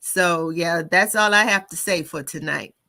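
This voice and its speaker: A woman's voice: lowish voice, unhurried, vocal fry, sharp tone. A woman co-hosting a caregiving livestream from a call, chatty and friendly with many fillers. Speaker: co-host. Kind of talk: casual livestream wrap-up.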